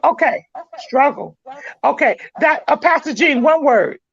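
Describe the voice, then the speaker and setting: A woman's voice: high-pitched, animated, measured pace, muffled recording. A woman host wrapping up a talk show, speaking emphatically and leading her guests in call-and-response chants like a preacher. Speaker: podcast host.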